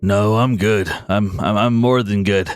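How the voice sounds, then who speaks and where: A man voicing a timid, hungry male buffalo who speaks softly and gratefully. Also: lowish voice, fairly even intonation, unhurried, clear, resonant tone, no room sound, soft background music, pitched below the performer's own voice, lightly acted. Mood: meek. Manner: soft, meek and grateful.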